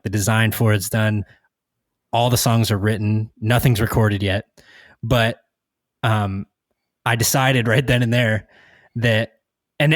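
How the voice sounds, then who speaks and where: A man's voice: on the low side, no room sound, clean studio sound. A man hosting a podcast in casual chat, rambling with many restarts and fillers. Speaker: podcast host.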